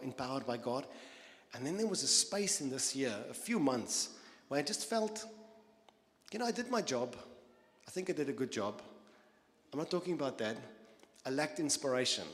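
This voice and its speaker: A man preaching a sermon as pastor, earnest, dropping soft and quiet, then building to emphatic stresses. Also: medium pitch. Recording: long reverb of a large hall.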